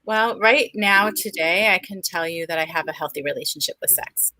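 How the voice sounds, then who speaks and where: A woman's voice: fairly low pitch, moderate pace, sharp tone, rough recording. A woman in her forties, a speech-language pathologist, speaking frankly and earnestly as an interview guest. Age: 40s. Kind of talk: candid interview talk.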